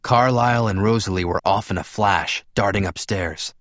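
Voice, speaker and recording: A man narrating an audiobook in a steady first-person storytelling voice. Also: lowish voice, moderate pace, no room sound. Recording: dull, dry lo-fi recording.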